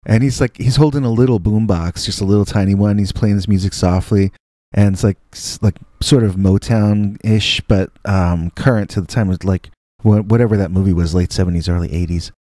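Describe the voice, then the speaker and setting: A middle-aged man tells a story about his youth in a loose, casual way, doubling back on his words and making fun of himself. His voice sits on the low side. It is recorded close and dry, with little room sound. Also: steady tone, a little fast, warm tone, no room sound. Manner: rambling, self-mocking, many restarts. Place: indoors.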